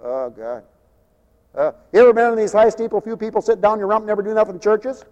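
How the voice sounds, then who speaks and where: A man preaching a sermon, mocking and animated, swinging from loud to hushed. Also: high voice, a little fast. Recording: long hall reverb.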